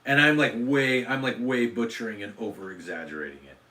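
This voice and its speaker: A man's voice: medium pitch, a little fast, pushed and bright, recorded from a distance. A man hosting a casual livestream, rambling and self-deprecating, with lots of fillers and restarts. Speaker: livestream host. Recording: roomy echo.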